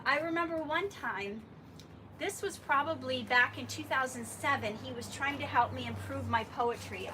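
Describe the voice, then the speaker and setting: A woman telling a lively story at a memorial gathering, laughing often and acting out the dialogue. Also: sits high. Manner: animated, laughing, acts out dialogue. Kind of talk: storytelling tribute. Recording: distant mic with clear background noise.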